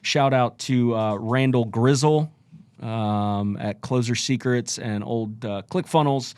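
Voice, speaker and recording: A man's voice: mid-range voice, slow pace, darkish tone, smooth, no room sound. A man co-hosting a podcast, chatting casually about sales and often shifting his tone up and down to make a point. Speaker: podcast co-host. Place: studio.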